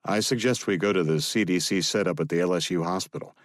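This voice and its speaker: A man voicing a calm, battle-hardened agent with a laid-back, dryly humorous manner. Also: low voice, fast talker, no echo, studio quality, lightly acted. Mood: wry.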